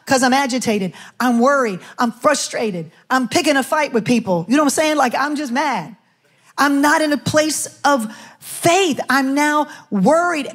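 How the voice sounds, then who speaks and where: A middle-aged woman pastor preaching a sermon, asking the congregation question after question and quoting scripture. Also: high voice.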